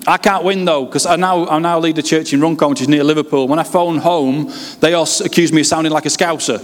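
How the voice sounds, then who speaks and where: A man in his late thirties from West Yorkshire, with a Yorkshire accent, preaching his personal testimony with humorous, lively storytelling. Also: a little high, quick pace. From West Yorkshire, England. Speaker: pastor. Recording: reverberant hall.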